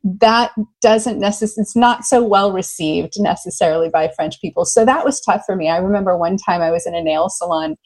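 An American woman speaks as a guest in an interview, expressive and enthusiastic as she tells her stories. Her voice sits at an ordinary middle pitch for a woman. She talks with a big, lively personality. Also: normal speed, hardly any pauses, poor audio. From United States. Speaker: love coach and guest. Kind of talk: conversational interview.

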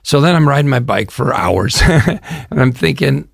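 A man's voice: mid-range voice, animated, moderate pace, creaky, no room sound, clean studio sound. An older man from the Chicago area, an actor talking eagerly and at length in an interview. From Chicago area, US Midwest. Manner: enthusiastic, rambling storyteller. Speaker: actor guest. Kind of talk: promotional interview.

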